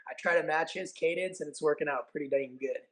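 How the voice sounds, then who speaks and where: A man in his forties from California, a guest telling stories in casual chat, acting out quotes with animated energy. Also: a little high, fast talker, crowd noise, rough recording. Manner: animated, acts out quotes and announcer calls. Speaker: podcast guest, actor and event announcer. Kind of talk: casual storytelling.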